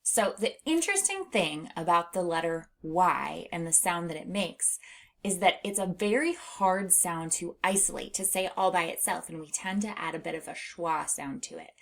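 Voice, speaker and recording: A woman reading teacher leading a phonics lesson for young children, slowly and clearly sounding out letters and words. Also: on the low side, expressive, a bit bright. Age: adult.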